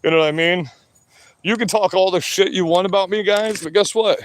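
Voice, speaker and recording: A man with a fairly high-pitched voice rants at his viewers on a livestream. He sounds combative and taunting, and he swears freely. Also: fairly quick. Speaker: livestream host. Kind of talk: ranting livestream talk to viewers.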